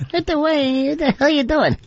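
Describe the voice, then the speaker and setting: A man's voice: extremely high pitch, lively intonation, a little slow, lo-fi sound, slight background noise, voice pushed up, heavily acted. A man doing an impression of a hot-tempered, foul-mouthed tough-guy actor on a radio talk show. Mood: agitated. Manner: profane, hot-tempered yelling.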